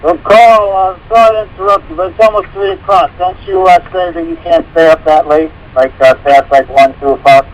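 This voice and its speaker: A man's voice: high voice, steady tone, fairly quick, hardly any pauses, slight background noise, rough recording. A man hosting a radio show, cutting in hesitantly with an apology.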